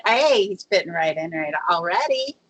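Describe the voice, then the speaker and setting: Bright-voiced Upper Midwest woman host. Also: on the low side, lively intonation, moderate pace, rough recording. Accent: Upper Midwest American. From Fargo, North Dakota area. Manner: chatty and upbeat, with filler words. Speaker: radio show host. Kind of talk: casual radio talk show.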